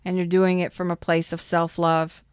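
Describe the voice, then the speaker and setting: A woman's voice: fairly low pitch, monotone, normal speed, clear, resonant tone, no room sound, clean studio sound. A woman giving a live tarot reading in a chatty, emphatic way and greeting viewers in the chat. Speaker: tarot reader.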